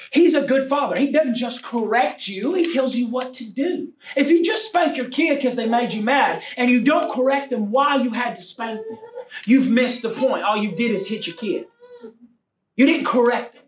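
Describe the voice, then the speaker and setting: A man preaching a sermon to a congregation, swinging between loud exhortation and low, confiding tones. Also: expressive, moderate pace, slight background noise. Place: church room with a congregation. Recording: echoey room, heard from a distance.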